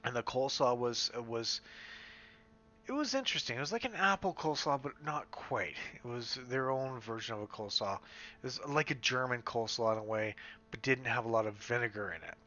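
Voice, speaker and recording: A man's voice: mid-range voice, expressive, fairly quick, sharp tone. A man from Western Canada vlogging in a casual, rambling way at home, full of fillers and restarts. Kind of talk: casual chat. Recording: slightly dull lo-fi sound.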